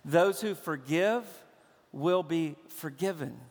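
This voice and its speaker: A man preaching a sermon as a pastor, emphatic and slowing down to stress key phrases, recorded in a church sanctuary. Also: fairly high pitch, darkish tone. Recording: long hall reverb.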